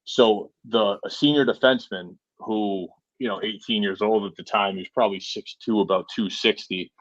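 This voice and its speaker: A man's voice: fairly low pitch, normal speed, a bit bright, no room sound, highs cut off. A man in his forties from Massachusetts, a podcast guest telling stories in a rambling, casual way with lots of "you know" and "right?". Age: 40s. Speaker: podcast guest, truck driver. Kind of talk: casual storytelling.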